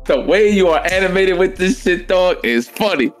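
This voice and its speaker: A man's voice: sits high, lively intonation, normal speed, faint music behind. A man co-hosting a podcast, laid-back and laughing easily, swearing casually in slangy chat. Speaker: podcast co-host.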